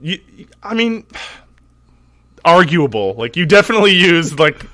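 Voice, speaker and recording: A man's voice: fairly high pitch, sing-song, measured pace, pushed and bright, dry recording. A young man co-hosting a podcast in casual chat, rambling with many fillers and laughing easily. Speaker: podcast co-host.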